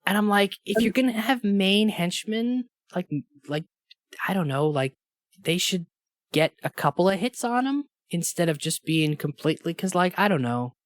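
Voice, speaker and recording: A man's voice: sits high, expressive, normal speed, dry recording. A man co-hosting a casual movie review podcast, talking enthusiastically and rambling with many restarts. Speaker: podcast co-host. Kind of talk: casual film review chat.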